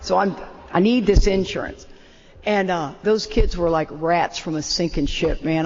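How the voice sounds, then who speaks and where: An older woman opens a talk with a long personal story, told in an animated, self-deprecating way. Her pitch is fairly low and her pace moderate. The recording has the muffled sound of a roomy hall.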